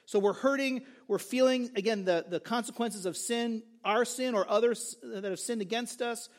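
A man's voice: very high-pitched, normal speed. A male pastor preaching a sermon, earnest and emphatic, repeating key phrases for stress.

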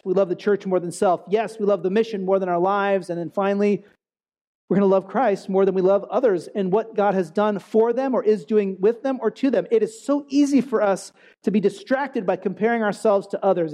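Mellow-voiced preacher with a casual delivery. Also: mid-range voice, a little fast. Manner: casual, checks in with the listeners by asking "right?"; animated, acts out quoted speech. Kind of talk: conversational sermon on a Bible passage.

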